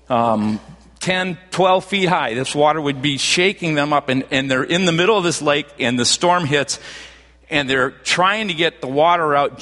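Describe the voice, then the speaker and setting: A man preaching a sermon, telling a Bible story with loud bursts and hushed, near-whispered moments. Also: fairly high pitch, in a large hall. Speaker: pastor. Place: church sanctuary.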